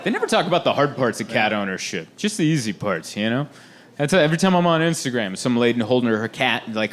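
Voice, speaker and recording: A man doing a stand-up comedy set on stage, animated and laughing often as he acts out little scenes. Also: medium pitch, quick pace, slight background noise. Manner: animated, laughing often, acting out quoted voices. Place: live comedy venue with audience.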